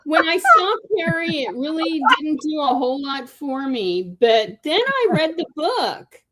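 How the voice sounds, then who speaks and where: A woman's voice: high-pitched, very animated, measured pace, fairly bright tone, poor audio. A woman on a call-in show, sharing her take on a book and film in casual chat.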